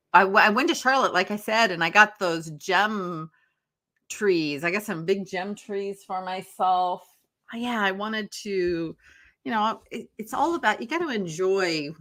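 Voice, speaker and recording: A tarot live streamer in her home office rambles chattily with her audience, calling viewers by name and yawning frequently. Her voice is fairly low in pitch, with a pushed, bright quality.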